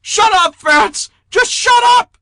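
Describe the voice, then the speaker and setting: A man voicing a panicking stoner who shouts in a high, manic voice. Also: expressive, slow pace, no echo, clean studio sound, full character voice. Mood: frantic.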